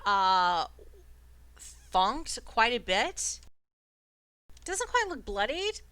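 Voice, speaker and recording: A woman's voice: mid-range voice, bright, forceful tone, smooth, no echo. A woman narrating as dungeon master in a casual way, with playful sound effects and fillers, over an online voice call. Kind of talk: narrating a tabletop game.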